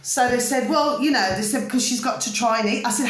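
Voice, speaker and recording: A woman vlogger speaks to the camera from a room at home, her voice a little high and brisk with hardly any pauses. She's chatty and casual, constantly checking that her listener is keeping up. The room sounds echoey.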